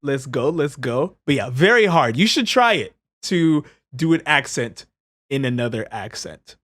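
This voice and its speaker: A man casually narrating highlights from his game stream, upbeat and chatty, laughing as he explains. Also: sing-song, a little slow, a bit bright. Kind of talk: casual commentary over stream clips.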